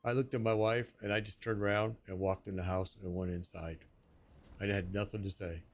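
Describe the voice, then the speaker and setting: A man's voice: fairly low pitch, flat delivery, brisk. A man in his sixties, streaming a game and chatting casually, often chuckling and telling stories with playful quoted voices. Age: 60s. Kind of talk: casual chat while gaming.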